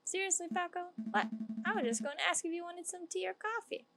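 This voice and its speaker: A woman's voice: extremely high pitch, lively intonation, fast talker, sharp tone, faint music behind, rough recording. A woman streaming a game, reading the characters' lines aloud in playful put-on voices and joking between them. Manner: joking asides.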